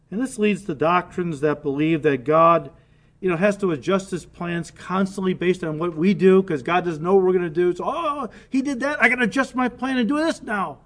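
A man preaching a sermon with earnest conviction, dropping to soft, low asides between emphatic points. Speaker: pastor.

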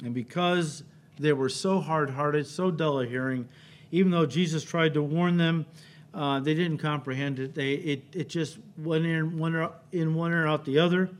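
A male pastor preaching a sermon, emphatic, rising to loud cries and dropping low, often checking in with the congregation. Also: steady tone, normal speed. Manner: emphatic, builds to loud cries then drops low, frequent "right?" checks.

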